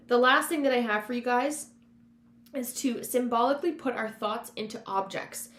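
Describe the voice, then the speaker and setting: Woman podcast host in an echoey room. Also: mid-range voice. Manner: encouraging, conversational, coaching. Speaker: former counselor. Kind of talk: self-help podcast talk. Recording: roomy echo with faint hum.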